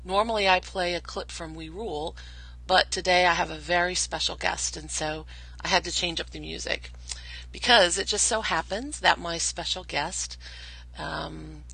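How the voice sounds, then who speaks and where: A woman's voice: on the low side, normal speed, gravelly, bright, forceful tone, husky, poor audio. A woman hosting a casual podcast interview, enthusiastic and chatty, often restarting her sentences with fillers. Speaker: podcast host.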